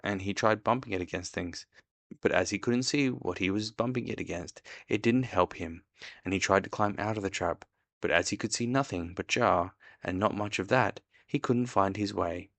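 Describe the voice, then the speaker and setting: Dad narrator for a bedtime storybook: low voice, expressive and measured, dry close sound. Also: male voice, dry recording. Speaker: father reading to his child. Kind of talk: reading a storybook aloud.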